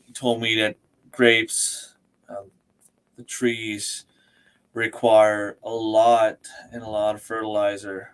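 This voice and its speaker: A man hosting a casual livestream from home on a desk microphone. He talks easily, laughs often and answers viewers by name. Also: on the low side. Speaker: livestream host. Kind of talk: casual chat. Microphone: desk microphone and webcam.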